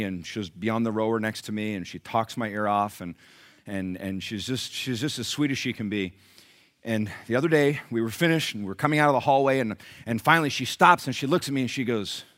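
A man's voice: medium pitch, fairly quick, a bit bright. A male pastor preaching a sermon to his congregation, mixing rhetorical questions with humorous personal stories. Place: church before a congregation.

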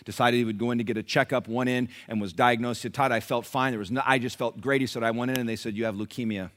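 A man preaching a sermon, dropping to a hush and then rising loud and fervent, acting out the people in his stories. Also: medium pitch, steady tone, fast, a little hiss or hum. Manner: swings from hushed to loud and fervent; acts out quoted people in raised voices. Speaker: pastor.

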